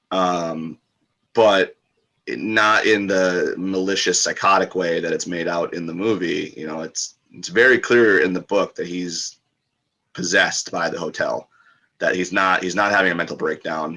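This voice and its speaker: A man's voice: low voice, pushed and bright, husky. A man, a book author and podcast guest, talking in a rambling, casual way with many fillers and restarts.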